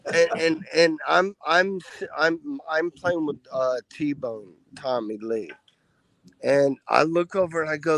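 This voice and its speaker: A man's voice: fairly high pitch, takes it slowly, a little hiss or hum, low-quality recording. A middle-aged man, a podcast guest, telling laid-back, profane stories in casual conversation. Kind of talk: casual storytelling.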